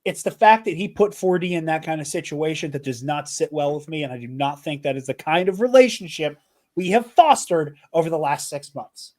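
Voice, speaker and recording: A man's voice: a little high, brisk, darkish tone. Blunt irritated man at a tabletop game. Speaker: player. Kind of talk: tabletop role-play banter.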